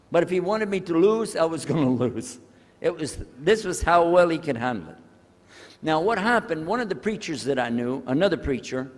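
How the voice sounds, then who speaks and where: Older man telling a story in an echoey hall. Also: fairly high pitch. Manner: animated, acts out the people in his story. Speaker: speaker telling his conversion story. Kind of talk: storytelling talk to an audience.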